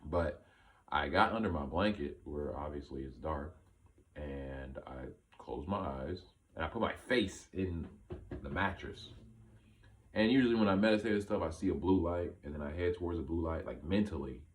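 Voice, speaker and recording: A man in casual storytelling, rambling with lots of "like" and "right?", retelling something strange in an amazed, animated way. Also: rumbling low, normal speed. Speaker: vlogger telling a personal story.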